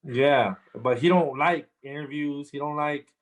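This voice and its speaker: A man's voice: on the high side, measured pace. Rambling man telling a story with slang. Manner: loose, rambling, heavy slang and fillers. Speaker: rapper guest. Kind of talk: casual interview storytelling.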